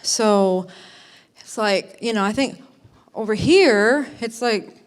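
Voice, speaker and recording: A woman's voice: medium pitch, slow. A woman stands before a conference audience and introduces the next speaker. She talks in an eager, meandering way, stacking fillers and false starts as she builds up to the introduction. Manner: rambling, excited, many fillers and restarts. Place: conference hall, in front of an audience.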